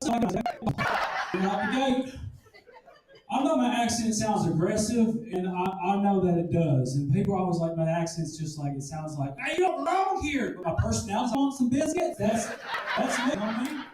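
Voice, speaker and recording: A male stand-up comedian with a high voice performs a crude, self-mocking set on a comedy club stage, delivering loud punchlines with lively intonation at a normal speed. The recording is noisy, captured from a distant mic in an echoey, booming room.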